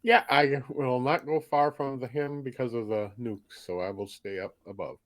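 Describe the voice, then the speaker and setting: A man's voice: mid-range voice, normal speed. A man playing a tabletop game in an easygoing, joking way. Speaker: player. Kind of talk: casual tabletop play.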